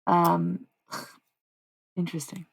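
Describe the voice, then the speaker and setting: A woman with a deep, gravelly voice talks on a live stream as a self-described medium. Her words wander and double back as she corrects herself mid-thought. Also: flat delivery, very slow, poor audio. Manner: musing, meandering, often restarts and corrects herself. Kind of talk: rambling livestream monologue.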